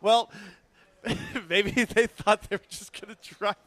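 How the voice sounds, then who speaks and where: A man's voice: high-pitched, wildly swooping pitch, slow, fairly bright tone, dry recording. A man co-hosting a sports radio show, bantering and teasing his partner with frequent laughs, broadcasting from a bar. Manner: teasing, joking, laughs often.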